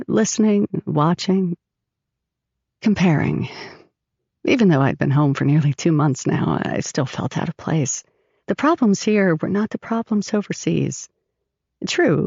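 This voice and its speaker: Gravelly woman narrating an audiobook. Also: mid-range voice, darkish tone, no echo. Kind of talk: first-person audiobook narration. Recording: dry, slightly dull recording.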